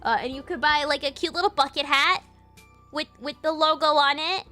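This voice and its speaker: Young woman streamer, high bright voice, rambly and crude, little music in the back. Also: normal speed. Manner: rambling, crude, playful storytelling. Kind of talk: casual stream chat.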